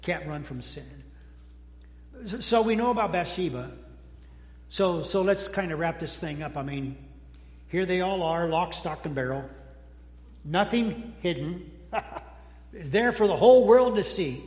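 High-voiced pastor preaching in an echoing hall. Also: male voice, expressive, measured pace, long pauses. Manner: folksy and joking, with frequent restarts and sudden quiet drops. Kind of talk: conversational sermon. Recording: echoey hall with long reverb.

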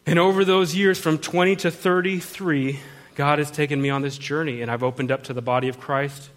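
A man's voice: a little high, fairly even intonation, a little fast. Earnest man preaching a personal testimony. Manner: earnest and confessional, frequent restarts. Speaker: pastor.

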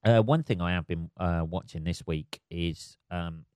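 A man hosting his own podcast, ranting casually with lots of swearing and trailing off into low mutters. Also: unhurried, warm tone, smooth, no room sound. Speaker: podcast host. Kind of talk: casual solo rant.

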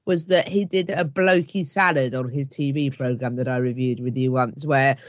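A woman co-hosting a podcast, chatting in a wry, lively way. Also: very deep voice, normal speed, no room sound. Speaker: podcast co-host. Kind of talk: casual chat. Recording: dull lo-fi dry recording.

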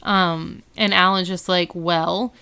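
A woman's voice: on the low side, steady tone, slow pace, gravelly, pushed and bright, clean tone. A woman co-hosting a podcast, chatting casually and retelling TV scenes with quoted lines. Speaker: podcast co-host recapping a TV episode. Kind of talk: casual chat.

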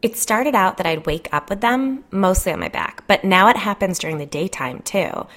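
Jen is a frazzled, gossipy suburban mom, put on by a female storyteller, her voice pitched up a little and pushed louder than the narration. She complains in an agitated rush, swears freely and leans on "like" for an audiobook-style story. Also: expressive, moderate pace. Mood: complaining. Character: stressed, gossipy suburban mother, adult woman.

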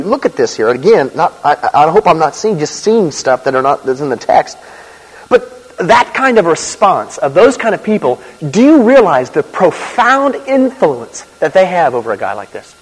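A man preaching a sermon in a conversational, animated way, with asides and quick laughs. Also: a little high, breathy edge. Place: church. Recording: reverberant hall.

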